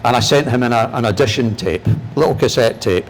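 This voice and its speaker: A man's voice: fairly quick, slight background noise. A Scottish man in his seventies with a Glaswegian accent, giving a humorous, anecdotal lecture as a guest broadcaster. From Scotland. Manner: humorous, animated storyteller, shifting pitch for punchlines.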